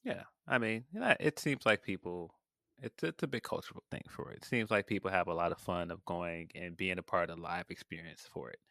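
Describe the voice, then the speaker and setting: A man co-hosting a podcast, talking about a film in a laid-back, soft way and laughing often. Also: deep voice, brisk, gravelly, no echo, clean studio sound. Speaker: podcast co-host. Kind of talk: casual film review chat.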